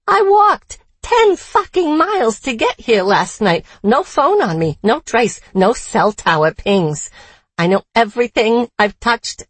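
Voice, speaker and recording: A woman reading a story aloud and voicing a boastful, unhinged female murderer with a grating Boston accent and a loud, mocking delivery. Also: mid-range voice, husky, no room sound.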